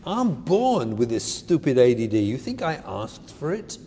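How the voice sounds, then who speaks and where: A man voicing a grown child who calmly explains himself to a parent, pleading and matter-of-fact, in an echoey hall with faint background noise. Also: mid-range voice, measured pace, voice pushed down. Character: grown child speaking back to a parent, calm.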